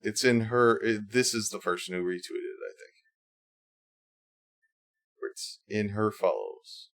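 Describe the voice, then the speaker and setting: A man's voice: lowish voice, a little slow. Sarcastic rambling man streamer. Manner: sarcastic, reads posts aloud and mocks them in put-on whiny voices; rambling with many fillers and restarts. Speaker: livestream host. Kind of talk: casual livestream commentary.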